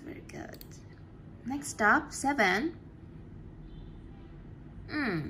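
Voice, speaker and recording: A woman teaching an English lesson, going through answers one by one and praising each student. She talks at an unhurried, deliberate pace. A faint hum of room ambience sits behind her voice. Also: on the high side, pushed and bright. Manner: encouraging, praises answers often; slow, patient. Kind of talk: classroom teaching.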